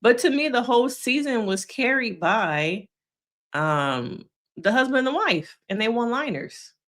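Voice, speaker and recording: A woman's voice: on the high side, big pitch swings, unhurried, fairly bright tone. A woman, a therapist giving opinionated, chatty live commentary on a TV series and often checking in with "okay?". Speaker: therapist reviewing TV shows.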